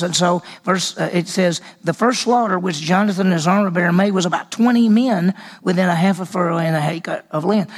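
High, gravelly preacher. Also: male voice. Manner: animated storytelling, acting out voices. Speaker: Bible teacher. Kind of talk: sermon.

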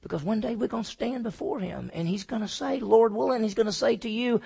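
Gravelly, husky preacher man. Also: high voice, fairly quick. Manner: swings from loud emphatic preaching to hushed, near-whispered lines; asks the congregation questions and answers them himself. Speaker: pastor. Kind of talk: sermon.

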